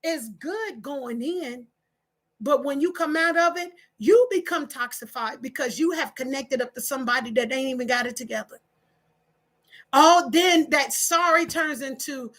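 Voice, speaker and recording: Hosting a live-streamed relationship advice talk for her channel, a woman reads out viewer comments and preaches emphatically, repeating phrases again and again. Her voice is high and fairly bright, and she speaks at a moderate pace.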